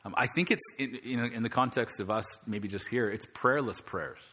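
A male pastor preaching a sermon, telling the scripture story with animated energy and climbing louder as he reads it aloud. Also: medium pitch, moderate pace, slightly rough.

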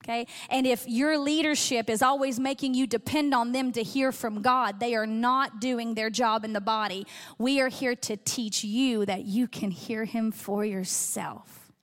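A woman's voice: a little high, steady tone, measured pace. A middle-aged woman pastor giving an earnest, conversational sermon, acting out little quoted exchanges as she teaches. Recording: long hall reverb.

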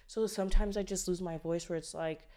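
A woman's voice: lowish voice, steady tone, brisk, dark tone. A young adult woman hosting a solo podcast, talking in a casual, rambling way with plenty of swearing, fillers and sighs. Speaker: podcast host.

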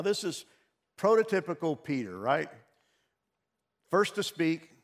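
A male pastor giving an earnest, conversational sermon, often repeating words as he explains scripture. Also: on the high side.

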